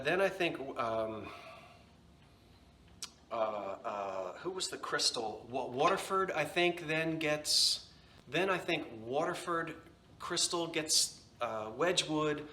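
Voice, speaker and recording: Slow, bright-voiced man showing dishes. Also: a little high, animated, echoey room. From United States. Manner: slow, unhurried, searching for names with many fillers. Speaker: antiques seller. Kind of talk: casual show-and-tell vlog.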